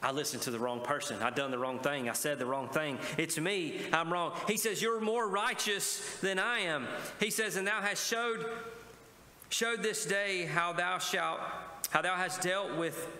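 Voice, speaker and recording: A man's voice: on the high side, measured pace, pushed and bright. A male pastor preaching a sermon, often asking the congregation to respond. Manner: preaching with call-and-response asides. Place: church sanctuary. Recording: echoey church hall with faint ambience.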